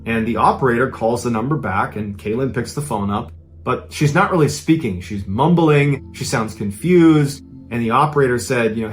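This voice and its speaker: A man's voice: mid-range voice, moderate pace, faint music behind. A man narrating a true-crime story in a dramatic, conversational retelling.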